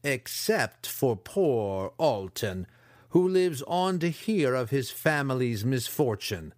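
A man doing a cruel disfigured elf wizard, loud and raised in pitch, slow snarling delivery, strained rough timbre, dry close sound, audiobook character. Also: big pitch swings, no room sound. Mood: gloating. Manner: growling, roaring, drawn-out snarls.

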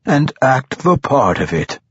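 A man reading an audiobook, voicing an old archmage who speaks in a slow, dry, mockingly calm way. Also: medium pitch, husky, dry recording, pitched above the performer's own voice, exaggerated voice. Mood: wry. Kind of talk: audiobook character voice. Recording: dull lo-fi recording.

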